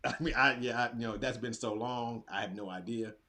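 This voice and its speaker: A man's voice: medium pitch, fairly quick, bright, forceful tone, a little hiss or hum. A man presenting a classroom writing activity in a casual webinar, thinking aloud as he clicks through his screen. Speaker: teacher presenter. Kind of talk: instructional webinar demo.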